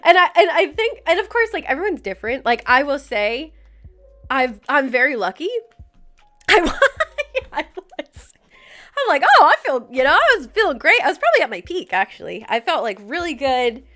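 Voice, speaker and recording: A woman's voice: sits high, big pitch swings, normal speed, a bit bright. A young woman hosting a livestream, chatting casually and giggling as she greets viewers by name. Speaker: livestream host. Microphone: desk mic with headphones.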